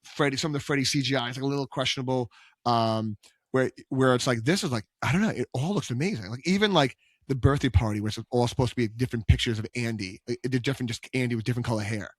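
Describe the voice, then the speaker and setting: A man's voice: mid-range voice, fast, dry recording. A young man co-hosting a movie podcast in casual chat, rambling with many restarts and fillers. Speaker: podcast co-host.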